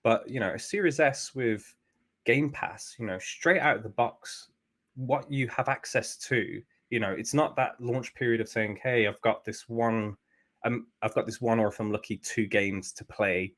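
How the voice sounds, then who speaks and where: A man co-hosting a gaming podcast, explaining a point in calm, agreeable casual chat. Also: medium pitch, normal speed. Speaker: podcast co-host.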